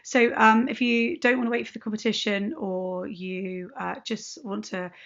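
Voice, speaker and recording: A woman coach speaks straight to her viewers in a relaxed, unscripted way. Her voice has a gravelly, fry-laden texture at a mid pitch. The recording sounds slightly dull and lo-fi. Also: moderate pace. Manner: chatty, informal, addresses viewers directly. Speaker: ADHD hypnotherapist and coach. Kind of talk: unscripted direct-to-camera message.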